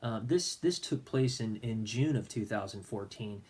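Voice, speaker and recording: Earnest middle-aged man, mellow voice. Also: lowish voice, measured pace, slightly rough. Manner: earnest storytelling, acting out his own prayers. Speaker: minister. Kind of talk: personal faith testimony vlog.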